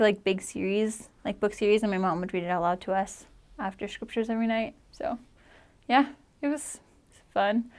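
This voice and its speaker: A woman in her twenties telling family stories in casual chat, full of "like" and lively quoted voices. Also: mid-range voice. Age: 20s. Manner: chatty, lots of "like", animated quoting. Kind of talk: casual storytelling.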